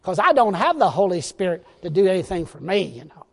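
Preacher guy doing a whiny forgetful church member, high and complainy, lots of hall echo. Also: big pitch swings, moderate pace, heavily acted. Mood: whining. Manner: complaining, self-pitying whine. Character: whiny forgetful adult churchgoer making excuses. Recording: long reverb in a hall.

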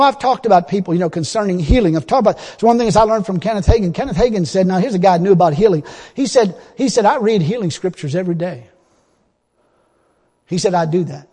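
In a church hall thick with long reverb, a male preacher with a high, slightly husky voice gives a sermon in plain, folksy language. He moves between loud, urgent exhortation and quiet, confiding asides.

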